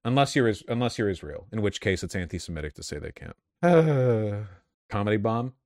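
A man's voice: fairly low pitch, expressive, fast, creaky, no echo, clean studio sound. A man giving casual political commentary as a streamer, blunt, profane and sardonic.

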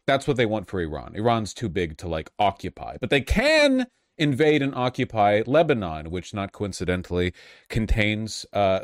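Man, political commentator, heated and profane, lowish voice, dry close sound. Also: no echo. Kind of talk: casual reaction commentary on clips.

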